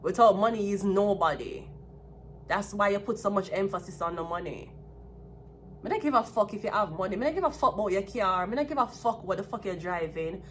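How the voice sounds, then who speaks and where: A woman's voice: mid-range voice, lively intonation, a little fast, fairly bright tone, slight background noise. A woman with a Jamaican accent giving a solo tarot reading, talking bluntly and with plenty of profanity. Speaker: tarot card reader.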